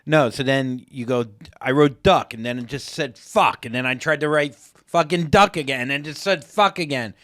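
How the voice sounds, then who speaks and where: A man's voice: normal speed, a bit bright, no echo, studio quality. Laid-back male podcast co-host. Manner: laid-back, pitches joke ideas. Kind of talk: casual chat.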